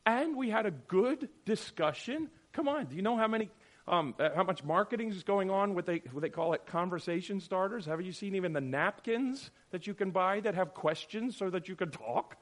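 A man's voice: high voice, animated, a little fast. A middle-aged man teaching a Bible class, sarcastic and acting out the voices he quotes.

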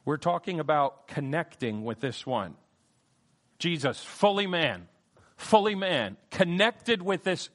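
A man's voice: sing-song, slow. A man teaching a sermon on scripture, emphatic and repetitive, swinging his voice up and down to stress key points. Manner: emphatic, repeats key phrases, wide swings in pitch and loudness. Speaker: preacher.

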